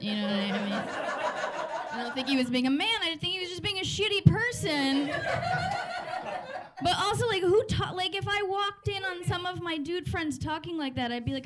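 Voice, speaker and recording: A woman in her thirties doing a stand-up comedy set in a club, chatty and sardonic, laughing through her lines. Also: high-pitched. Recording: noisy live club recording.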